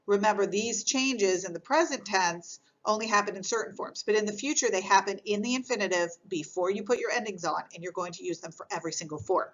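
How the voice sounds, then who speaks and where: A woman explaining grammar in a recorded lesson, patient and clear, repeating key points as she goes. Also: medium pitch, brisk, hardly any pauses, lo-fi sound. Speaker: French teacher.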